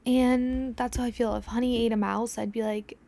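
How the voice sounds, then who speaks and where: A young woman hosts a podcast, telling a story in casual chat at a moderate pace, swearing freely and dropping to a whisper to act out scenes. Her voice is a little high, level, creaky and warm.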